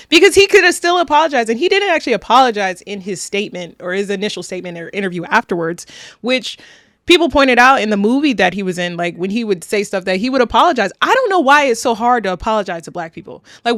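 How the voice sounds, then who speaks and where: A woman's voice: medium pitch, a bit bright, dry recording, studio quality. A woman co-hosting a podcast, talking bluntly and with animation in casual chat, swearing freely. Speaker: podcast co-host.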